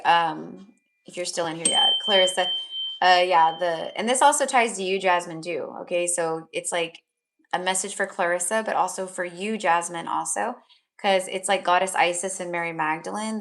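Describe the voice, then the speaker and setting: A woman's voice: fairly low pitch, fairly bright tone. A woman giving live psychic tarot readings, talking in a soothing, affectionate way with lots of fillers. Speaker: tarot reader.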